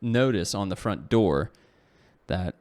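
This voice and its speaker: Low and a bit mellow, this male co-host's voice stays animated even at a slow pace as he rambles through a long, casual story. He revises himself often, says "like" and "you know" a lot, and makes self-deprecating remarks.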